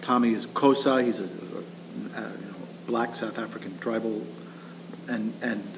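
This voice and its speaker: A man's voice: fairly low pitch, fairly even intonation, measured pace, gravelly. A male actor talking in an interview. He speaks hesitantly, with many fillers and restarts. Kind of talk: casual interview. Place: theatre rehearsal hall. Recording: reverberant hall with faint background hum.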